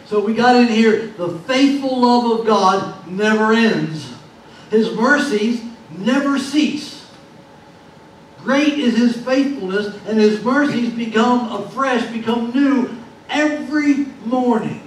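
High-voiced male preacher in echoey hall. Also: slow pace. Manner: folksy, repetitive preaching cadence. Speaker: pastor. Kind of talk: sermon. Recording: very echoey hall, distant mic, faint noise.

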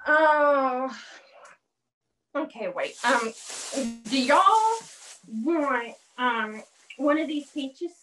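A woman's voice: high-pitched, expressive, heavily acted, rough recording. A woman playing a slurring drunk Georgia girl. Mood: mocking. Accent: Southern US, Georgia. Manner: slow, slurred, drawn-out tipsy drawl. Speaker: actor. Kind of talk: amateur drama over video call.

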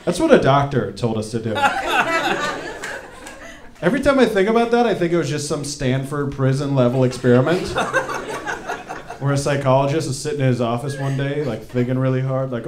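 A young man performing a stand-up comedy set on stage, telling animated stories and acting out his dad's lines. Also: medium pitch, a little fast, pauses often, background noise. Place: stage in a hall before a live audience. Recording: echoey hall with crowd. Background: audience laughter.

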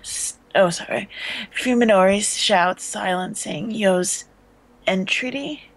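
Husky, gravelly-voiced woman reading. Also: mid-range voice, measured pace, rough recording. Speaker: let's play co-commentator. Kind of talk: casual commentary and reading game text.

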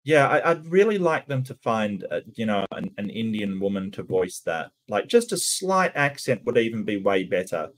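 A man's voice: on the low side, very animated, moderate pace, few pauses. A man casually commentating on a cartoon and answering his chat, stumbling over many repeated starts.

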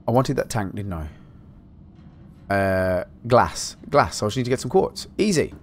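A man from Britain giving excitable, swear-heavy let's play commentary, talking to himself as he plays. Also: on the low side, moderate pace, a little hiss or hum. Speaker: gaming channel host.

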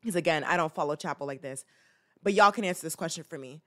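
A low-voiced woman hosts a casual reaction chat, speaking fast in a pushed, bright way. She rambles playfully with lots of fillers and restarts and acts out little scenes.

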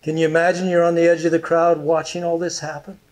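A middle-aged man preaching a sermon as a pastor, earnest and emotional, with long pauses. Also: on the high side, level tone, a little mellow.

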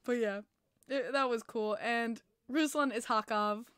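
A young woman with a New York accent hosts a live stream in casual chat, excitable and quick to swear and laugh. Her voice sits fairly high and sounds close and dry from a home streaming setup. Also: clean tone, no echo. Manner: excitable, profane, laughs often. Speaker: podcast streamer host.

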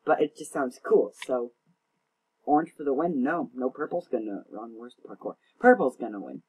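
A young man with a breathy, slightly husky voice talks his way through a game. His chatter is rambling and self-mocking, full of stumbles and restarts. His pitch sits in an ordinary middle range. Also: sing-song, normal speed, darkish tone. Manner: rambling, self-mocking, often tongue-tied. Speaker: gaming channel host. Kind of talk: casual gameplay commentary.

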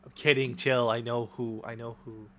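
A young man giving casual, excitable commentary over his own gameplay, swearing often and trash-talking opponents. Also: mid-range voice, moderate pace. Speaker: gaming YouTuber.

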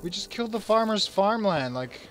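A young man talks over his strategy game with a high-pitched, lively voice. He swings from loud, excited orders and playful royal speeches to quiet muttering to himself. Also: brisk, soft background music. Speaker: gamer. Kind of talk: let's play commentary.

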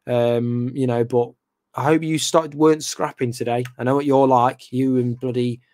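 A man's voice: mid-range voice, steady tone, moderate pace, a little mellow, dry recording. Chatty young male football fan host. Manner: rambling, hesitant, lots of ums and restarts; talks to viewers in the live chat by name. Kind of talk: casual live fan reaction chat.

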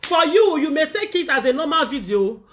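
A woman with a Nigerian Pidgin accent, delivering an animated, scolding rant to the camera as a vlogger. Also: high voice, moderate pace. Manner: scolding, animated, acts out others' words. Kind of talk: ranting monologue to camera.

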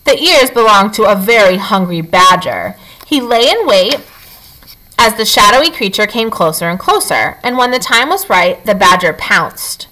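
Casting: woman teacher, storybook read-aloud, lively and bright. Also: medium pitch, rough recording. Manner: expressive, animated storytelling.

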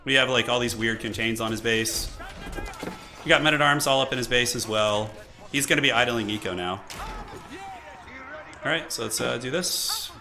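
A man with a hoarse voice from a cold, commentating his own live gameplay and chatting with viewers as he plays. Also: mid-range voice, lively intonation, moderate pace, pauses often, sharp tone, soft background music. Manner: chatty, thinking aloud, answering viewers. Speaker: game streamer.

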